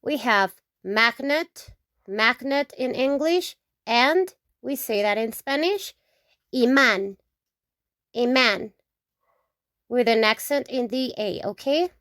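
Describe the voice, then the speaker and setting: A woman teaching the Spanish alphabet, saying each word slowly several times and checking in with "okay?". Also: high voice, animated, fairly bright tone, no echo, studio quality. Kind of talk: slow alphabet lesson with repetition.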